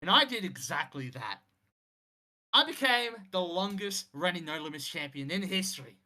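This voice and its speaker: A defiant injured wrestling champion insists on keeping his title, voiced by a man. The voice is bright, forceful and intense. His pitch moves freely over a wide range. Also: lively intonation, normal speed, heavily acted.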